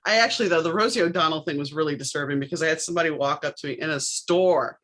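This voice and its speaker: A woman's voice: sits low, rapid-fire, a bit bright, low-quality recording. A middle-aged woman from New Orleans hosting a podcast, telling stories casually and acting out the other people in them. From New Orleans, USA. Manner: acts out the quoted voices in her stories. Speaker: podcast host. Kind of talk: casual conversational storytelling.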